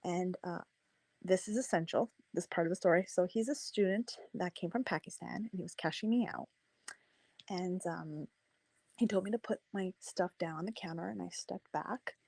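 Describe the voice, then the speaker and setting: Animated woman telling a story. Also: on the low side, moderate pace, gravelly, no echo, low-quality recording. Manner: animated, acts out quoted voices. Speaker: debate participant. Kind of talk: casual storytelling in a debate.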